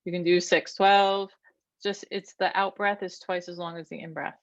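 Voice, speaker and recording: A woman therapist runs an online workshop, walking listeners through slow counted breaths in a calm, instructive way. Her voice sits a little low. The recording is dry and a bit dull, as over a video call. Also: no room sound. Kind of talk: guided breathing exercise and teaching.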